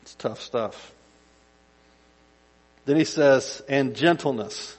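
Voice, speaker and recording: A man's voice: medium pitch, takes it slowly, husky, poor audio. Man preaching a conversational sermon. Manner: conversational, swings from soft asides to loud acted-out shouts. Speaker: pastor.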